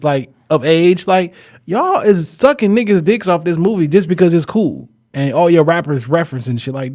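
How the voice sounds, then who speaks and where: A man co-hosting a casual podcast, his slightly raised voice carrying blunt, profane opinions. He talks with animated emphasis, pushing hard on every point. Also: fairly high pitch. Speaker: podcast co-host. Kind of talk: casual chat.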